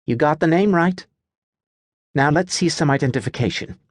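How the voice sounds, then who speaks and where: A bored young woman at a booth, talking in a flat, matter-of-fact way, as a male narrator puts her on. Her voice sits fairly high and the reading is dry and close. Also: normal speed, dry recording, close to an everyday voice. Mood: blunt.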